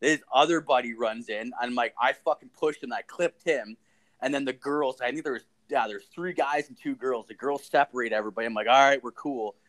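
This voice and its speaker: A man's voice: mid-range voice, a little fast. A young man from Ontario, Canada, hosting a podcast and telling a rambling story in casual chat, swearing constantly. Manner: profane, rambling, animated storyteller. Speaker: podcast host.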